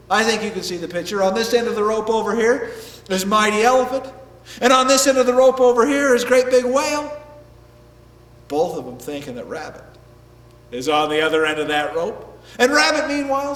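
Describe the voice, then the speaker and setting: A man telling an animal folk tale to an audience in a lively, playful way. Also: high voice, vocal fry. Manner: lively, playful, shifting voices for characters. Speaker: storyteller. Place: festival stage. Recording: echoey hall, mic at a distance.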